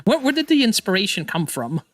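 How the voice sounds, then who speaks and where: A man hosting a casual live stream as a VTuber, excitable, stammering and often laughing or swearing. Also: high-pitched, fairly quick, no room sound.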